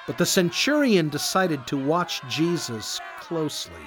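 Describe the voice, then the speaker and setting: A man narrating a storybook slowly and expressively. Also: fairly high pitch, crowd noise, noisy background. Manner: slow, expressive. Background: background music.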